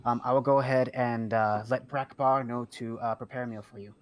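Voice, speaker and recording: A man's voice: mid-range voice, fairly even intonation, brisk, lightly acted. A man voicing a polite, helpful female hostess at an adventurers' guild in a tabletop game, full of small fillers. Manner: helpful, gives directions with many fillers. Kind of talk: tabletop role-play voice.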